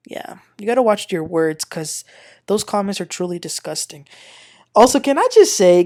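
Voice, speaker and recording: A woman hosting a casual recap of a reality TV episode, opinionated, expressive and gossipy. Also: medium pitch.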